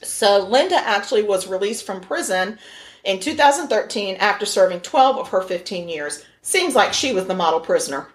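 A woman's voice: medium pitch, moderate pace. Woman co-host telling a story. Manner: animated, laughing, jokey storytelling. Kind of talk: casual chat.

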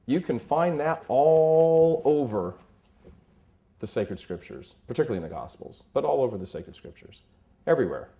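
A man's voice: mid-range voice, expressive, moderate pace, mellow. A man in his fifties giving an emphatic Catholic talk full of stories. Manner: emphatic, impassioned, storytelling. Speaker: Catholic speaker. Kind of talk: preaching talk with anecdotes.

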